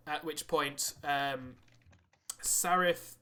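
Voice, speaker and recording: A man's voice: mid-range voice, fairly even intonation, fairly quick, bright, forceful tone. A man narrating a tabletop game as game master, rambling with many fillers.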